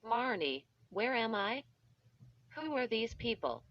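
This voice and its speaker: A woman's voice: on the high side, big pitch swings, slow pace, exaggerated voice. A woman's voice, likely synthetic, reading the lines of a frightened, confused young boy who pleads in distress. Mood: pleading. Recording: dull lo-fi.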